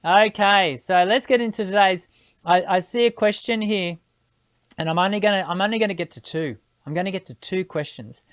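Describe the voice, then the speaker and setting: A woman's voice: medium pitch, brisk, no room sound. A woman hosting a live singing Q&A, thinking aloud as she explains vocal technique with technical terms. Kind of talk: live-stream Q&A, answering viewer questions.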